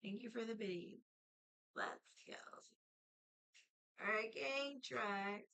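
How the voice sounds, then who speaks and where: A young woman talks casually to her livestream viewers, blunt and quick to lose patience, swearing as she goes. Her voice is bright and clear, with a smooth, crisp tone. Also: on the high side, low-quality recording. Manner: blunt, impatient, swears a lot.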